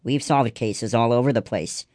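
A man's voice: medium pitch, normal speed, a little mellow, no echo, studio quality, close to an everyday voice. Benny, a man reading a bragging little boy. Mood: cheerful. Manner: bragging, cheerful.

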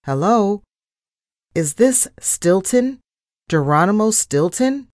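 A woman's voice: mid-range voice, lively intonation, slow, no echo, studio quality, voice pushed up. A woman doing a hot-tempered rat rock star. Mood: eager. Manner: snapping, indignant, loud.

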